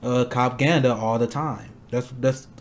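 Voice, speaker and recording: A young man hosting a political stream, angry and blunt, ranting fast and swearing often. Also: medium pitch, fairly even intonation. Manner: fast, repeating himself to stress points. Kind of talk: heated political commentary.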